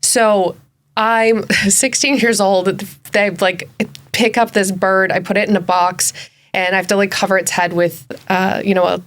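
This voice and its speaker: A woman co-hosting a podcast, chatting casually at a mid-range pitch. She tells animated stories and laughs as she talks. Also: unhurried. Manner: animated storytelling, laughs while talking. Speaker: podcast co-host. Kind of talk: casual chat.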